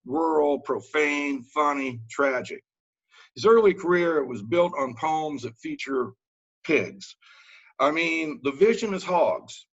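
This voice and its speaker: A man leading a writing workshop, reading poems aloud and talking about them in a relaxed, halting way with many fillers, over a video call. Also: medium pitch, muffled recording. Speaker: workshop leader.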